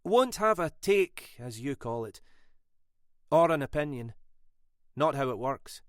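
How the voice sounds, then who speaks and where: A man's voice: a little high, very animated, a little slow, dry recording, clean studio sound, voice pushed up. A man voicing a frank, matter-of-fact woman forensic scientist with a wry edge.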